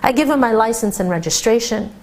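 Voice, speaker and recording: A woman who teaches religious classes to women, telling a story in an animated, excited way and often stammering over repeated words. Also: a little high, fast, a little hiss or hum. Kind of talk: storytelling lecture.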